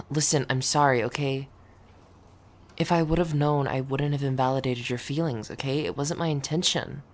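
A woman performing a scripted audio role-play as a blunt, sarcastic office coworker who curses and grudgingly softens. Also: very deep voice, steady tone, normal speed. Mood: grudgingly tender. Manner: dry, dismissive teasing that turns grudgingly gentle.

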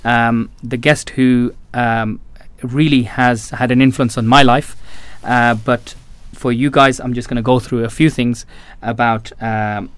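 A man's voice: medium pitch, steady tone, measured pace, hardly any pauses, smooth, no room sound. A man hosting a podcast, introducing his guest with many hesitations and restarts. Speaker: podcast host. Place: Birmingham.

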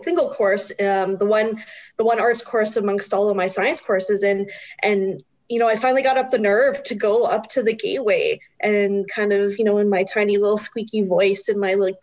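A middle-aged woman, a guest, telling stories in an animated way and often laughing. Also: mid-range voice. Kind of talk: casual interview chat.

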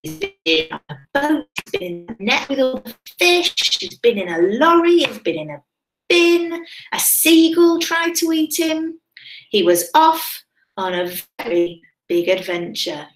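Sing-song teacher reading a storybook. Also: female voice, high voice, measured pace, soft background music. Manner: sing-song, expressive, asks children questions. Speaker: primary school teacher. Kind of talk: reading a picture book aloud to children. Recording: roomy echo.

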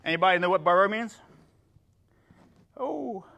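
A male karate instructor leads a streamed beginners' class with a high, bright voice. He walks the kids through each move calmly, then snaps out loud counts and punchy kiai shouts. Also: moderate pace, vocal fry, lo-fi sound. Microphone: phone or laptop for a live stream.

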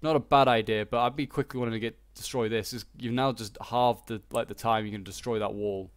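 A man talks through a strategy game battle in a loose, rambling way, full of "like" and "uh". His voice sits at an ordinary middle pitch. The recording is dry and close. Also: fairly even intonation, brisk, clean tone, no room sound. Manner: chatty and rambling, many fillers like "like" and "uh". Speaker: gameplay commentator. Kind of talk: casual gameplay commentary.

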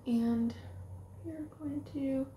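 A young woman doing a casual makeup tutorial at home, gushing and excitable as she talks while applying makeup. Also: high-pitched, slow pace, very noisy. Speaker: beauty vlogger. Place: home room with setting sunlight. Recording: roomy home recording with faint ambience.

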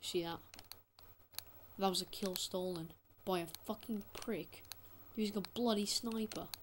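Unhurried and steady in tone, a man with a high voice delivers gameplay commentary on his gaming channel as an angry, expletive-filled rant, sounding exasperated the whole time. Slight background noise can be heard.

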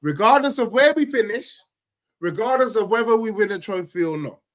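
Animated high-voiced man ranting. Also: a little fast. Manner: animated, emphatic, ranting with rising outbursts. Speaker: football podcast co-host, fan. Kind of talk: casual football debate.

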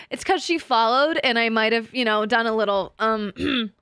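A woman streaming a game, chatting with her audience in a giggly, excitable way full of crude jokes. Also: a little high, normal speed, smooth, no echo, studio quality. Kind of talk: casual live-stream chat.

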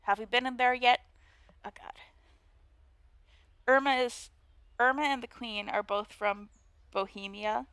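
Woman, game commentary, chatty, giggly, fairly high voice, dry close mic. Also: steady tone, a little slow, long pauses, fairly bright tone, clear, resonant tone, dry recording. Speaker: let's play streamer.

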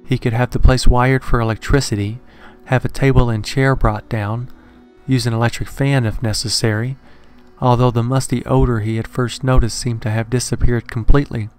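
A man narrating a horror story in a measured, steady scripted reading. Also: medium pitch, smooth. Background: faint horror background music.

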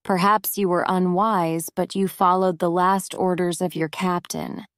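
A woman's voice: fairly low pitch, little pitch movement, clean tone, no room sound, clean studio sound, voice pushed down, lightly acted. A woman reading as a stern, secretive judge. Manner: slow, simple, careful reading.

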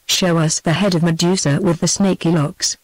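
A synthetic British English woman's voice reading the demanding shouts of a fierce, jeering crowd of townsfolk. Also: fairly low pitch, steady tone, moderate pace, no echo, poor audio. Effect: synthetic text-to-speech voice.

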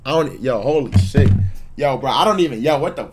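A man's voice: mid-range voice, expressive, brisk, a little mellow, breathy edge, soft background music. A man streaming a casual reaction, talking loosely to his chat with lots of slang and swearing. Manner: laid-back, profane, slangy, talks to chat.

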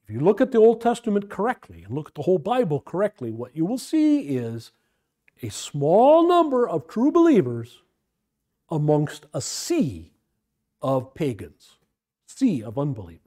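A man's voice: on the high side, wildly swooping pitch, moderate pace, mellow. A man leading a Bible study class, questioning his students and repeating phrases as he works through a passage.

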